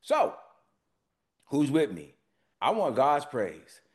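A man preaching a sermon, telling a personal story and swinging from quiet asides to loud emphatic lines. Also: mid-range voice, wildly swooping pitch, slow pace. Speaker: pastor.

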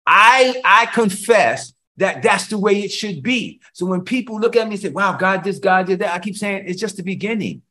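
A man preaching an energetic sermon, talking fast, excited, and repeating words for emphasis. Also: high-pitched.

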